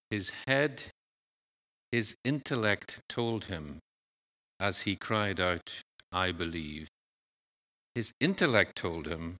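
A man preaching a sermon in a measured, earnest way, pausing and sometimes restarting phrases. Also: on the low side, sharp tone.

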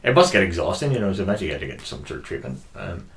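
Male co-host, lowish voice, chatty anecdote delivery, faint hiss behind. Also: very fast. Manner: animated anecdote-telling with laughs and fillers. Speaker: podcast co-host. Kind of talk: casual chat.

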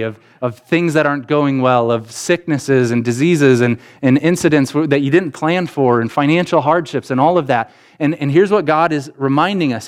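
A man's voice: mid-range voice, clear, resonant tone. A pastor preaching a sermon to his congregation, earnest and conversational, building points through repeated phrases and acting out imagined speakers. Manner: voices imagined speakers in quotes.

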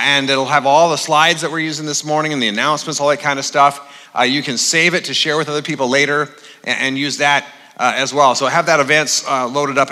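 A man's voice: fairly high pitch, bright, forceful tone. A male pastor preaching a sermon in a conversational, humorous way with frequent "uh" fillers, speaking in a large church auditorium. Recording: long reverb of a large hall.

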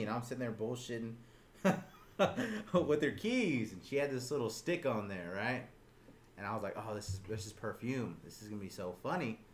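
A man's voice: mid-range voice, slight background noise. A young man casually telling a story to friends, swearing freely and acting out voices with laughter. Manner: animated, swearing, acts out voices loudly while laughing.

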